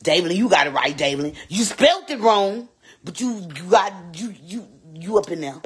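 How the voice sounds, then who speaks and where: A sassy, vain woman babysitter voiced by a performer in a live-streamed comedy skit. The voice is husky and leaps wildly between low mutters and high squeals. She teases loudly and repeats her lines over and over. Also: expressive, moderate pace. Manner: loud, teasing, repeats lines, swoops up into squeals.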